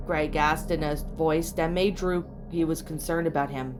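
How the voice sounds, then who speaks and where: Woman, fan fiction reading, lowish voice, steady plain delivery, small slips, soft music underneath. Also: normal speed. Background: soft background music.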